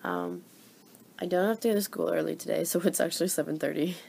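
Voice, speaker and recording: A woman's voice: deep voice, fast talker, creaky, slightly rough. A young woman talking casually in a daily vlog, chatty and apologetic, often tired. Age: young adult. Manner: gushing excitement around animals. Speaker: vlogger.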